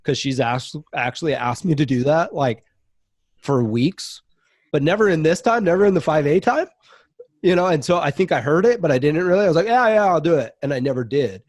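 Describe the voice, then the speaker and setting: A man's voice: fairly high pitch, brisk, darkish tone, dry recording, clean studio sound. A man speaking as a podcast guest in a casual interview, earnest and reflective as he talks openly about his own life.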